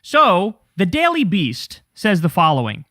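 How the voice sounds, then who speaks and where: Animated high-voiced profane commentator man. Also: measured pace, no echo, clean studio sound. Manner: animated, profane, incredulous, addresses viewers directly. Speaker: political commentary host. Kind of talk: casual political commentary.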